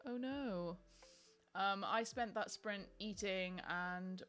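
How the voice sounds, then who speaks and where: A woman's voice: medium pitch, slow, fairly bright tone, clean tone, soft background music. A young woman chatting casually on a live stream, rambling with lots of ums and likes.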